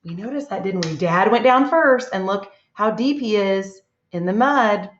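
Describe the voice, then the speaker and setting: A woman teacher leads young children through a reading lesson, praising them often and sounding encouraging. Her mid-range voice has lively intonation and a moderate pace. The recording is echoey and dull.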